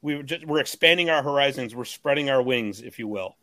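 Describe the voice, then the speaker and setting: A man hosting a casual sports podcast, hyping up his co-hosts with lively introductions. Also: medium pitch, a little fast, over a noisy crowd. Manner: upbeat hype-man introductions. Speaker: podcast host.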